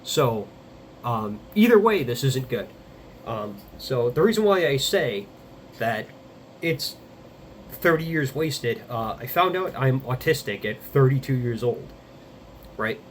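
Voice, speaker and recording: A man in his thirties talking casually to the camera, halting and rambling with many fillers and some blunt swearing. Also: medium pitch, very animated, slight background noise. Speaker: vlogger. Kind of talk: casual confessional monologue.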